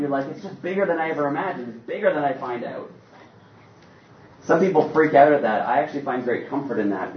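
A man preaching a sermon in an animated, conversational way with playful asides. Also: mid-range voice, a little hiss or hum. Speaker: pastor. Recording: roomy, distant, dull sound.

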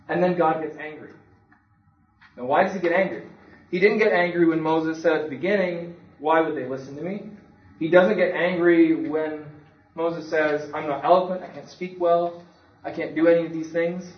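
A man delivers a sermon, telling it like a story and acting out the voices in the quotes. His voice sits a little high. He is recorded from a distance in an echoey room, and the sound is a bit dull. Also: normal speed. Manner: conversational storytelling with acted quotes. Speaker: preacher.

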